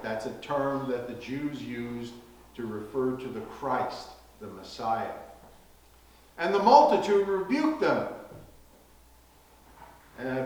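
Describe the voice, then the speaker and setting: Slow-speaking man teaching Bible study. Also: medium pitch, darkish tone. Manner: slow and conversational, with many "right?" asides. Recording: echoey room, heard from a distance.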